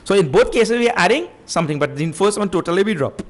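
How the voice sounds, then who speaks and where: Animated man teaching scripture. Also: high-pitched, fast. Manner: animated teaching with acted-out stories; repeats key phrases. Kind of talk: lecture on scripture.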